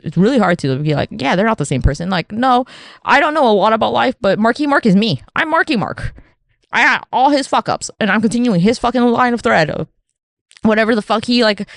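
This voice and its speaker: Profane, rambling woman podcaster with gravelly voice. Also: medium pitch, dry recording, studio quality. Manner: rambling, profane, animated, acts out quoted voices. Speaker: podcast host. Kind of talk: casual solo podcast monologue.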